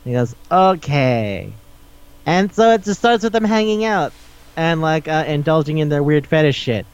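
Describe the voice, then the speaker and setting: A man's voice: fairly high pitch, a little fast, smooth, muffled recording. A man hosting a podcast in casual chat, rambling through a recap, swearing often and laughing as he talks. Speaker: podcast host.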